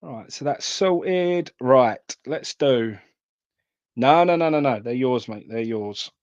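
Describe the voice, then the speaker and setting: A man's voice: mid-range voice, animated, slow, a little mellow, dry recording, dull audio. A man hosting a live trading card stream, chatting casually and calling viewers mate.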